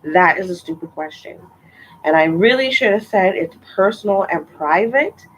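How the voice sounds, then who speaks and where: A woman's voice: medium pitch, expressive, normal speed, a little hiss or hum, poor audio. A young woman telling a story in a casual vlog, chatty and exasperated, with lots of filler words. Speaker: vlogger.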